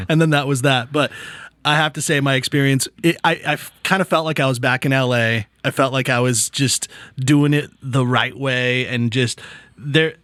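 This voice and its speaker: A man hosting a podcast, telling stories in a casual, animated way and acting out what people said. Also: mid-range voice, fairly quick, dry recording. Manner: animated storyteller acting out quotes. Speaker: podcast host. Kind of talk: casual chat.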